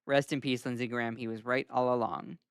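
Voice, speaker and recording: A Southern-accented man talks through the news on a livestream. His tone is casual and wry, and he often pauses on "um." His voice sits at a medium pitch and sounds close and dry, with no room echo. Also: level tone, vocal fry, clear, resonant tone. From Southern United States. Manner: casual, chatty, frequent "um" fillers, wry asides. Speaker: host.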